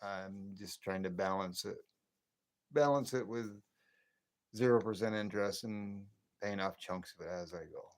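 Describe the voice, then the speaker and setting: A man's voice: on the low side, a little slow. A man in his late fifties from the northern US near the Canadian border, chatting casually and rambling on a late-night livestream. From northern United States near the Canadian border. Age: 50s. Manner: rambling, chatty, chuckles to himself. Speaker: livestream host.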